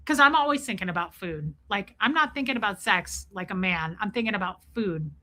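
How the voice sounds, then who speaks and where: A woman hosting a casual livestream, greeting viewers by name and telling a self-mocking story in an animated way. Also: medium pitch, fairly quick. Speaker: livestream host. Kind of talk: casual livestream chat reading viewer comments.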